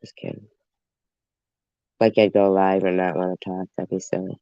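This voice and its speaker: A man's voice: low voice, level tone, moderate pace, mellow, smooth, dry recording. A congested man, hosting a livestream and rambling casually to his viewers. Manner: rambling, talks straight to viewers. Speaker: livestream host. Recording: dull lo-fi stream audio.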